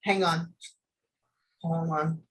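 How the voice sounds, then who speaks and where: A woman working as a psychic medium, relaying messages in a reading, often pausing with "hang on" before carrying on. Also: low voice, steady tone. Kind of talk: one-on-one reading session.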